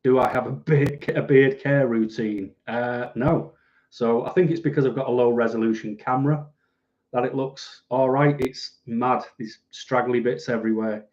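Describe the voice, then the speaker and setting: A middle-aged man rambles through a casual live stream from home, poking fun at himself as he answers viewers. His voice is dark and mellow, and the webcam audio comes through a bit dull and lo-fi. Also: medium pitch, fairly even intonation, moderate pace. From United Kingdom. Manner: rambling, self-deprecating, reads out viewer comments.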